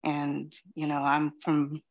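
A middle-aged woman from Queens giving a reflective dharma talk as a Zen teacher, pausing often and saying "you know". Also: low-pitched, monotone, dull audio. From Queens, New York City. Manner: slow, reflective, many pauses and "you know".

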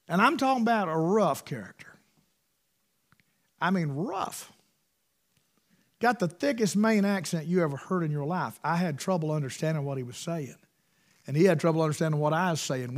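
A man, preaching a sermon through folksy stories, emphatic and swinging between loud bursts and hushed asides. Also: a little high. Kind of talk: storytelling sermon.

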